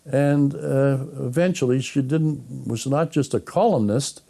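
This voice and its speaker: A man's voice: medium pitch, a little slow, creaky, mellow. An older man, a guest being interviewed, recounting anecdotes and acting out remembered conversations. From Canada. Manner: anecdotal, acts out remembered dialogue. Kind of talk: interview storytelling.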